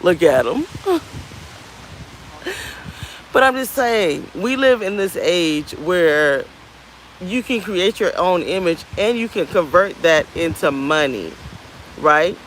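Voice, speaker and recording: A woman's voice: lowish voice, animated, slow, pauses often, slight background noise, low-quality recording. Candid rambling woman on a beach. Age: 30s. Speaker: vlogger. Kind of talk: casual talk to camera. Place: outdoors on a beach.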